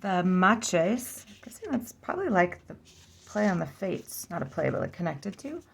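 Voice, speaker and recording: A woman hosting a casual flip-through vlog, slowly sounding out names aloud, correcting herself and musing with giggly asides. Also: lowish voice, wildly swooping pitch, gravelly, slightly rough. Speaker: oracle deck reviewer.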